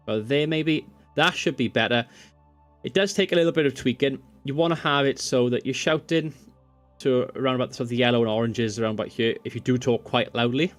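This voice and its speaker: Man, home-desk tech tutorial host, loose and rambling, self-correcting, faint music underneath. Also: mid-range voice. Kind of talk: screen-recorded software tutorial. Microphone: USB condenser microphone.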